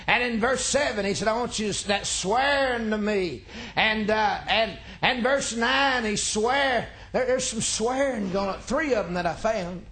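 A male pastor, preaching a folksy, joking sermon that climbs into shouts. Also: high voice, a little slow, hardly any pauses. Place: church sanctuary.

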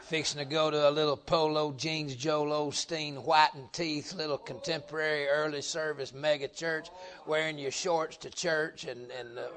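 A middle-aged man preaching a folksy revival sermon, joking with the congregation and swelling into loud emphatic bursts. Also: on the high side, flat delivery, moderate pace, hardly any pauses.

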